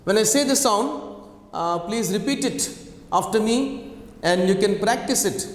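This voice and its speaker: Slow, high-voiced Indian teacher in an echoey room. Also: male voice, lively intonation. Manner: repetitive, drills sounds slowly, frequent fillers and check questions. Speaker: English pronunciation teacher. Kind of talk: online lesson. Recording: echoey room, long reverb.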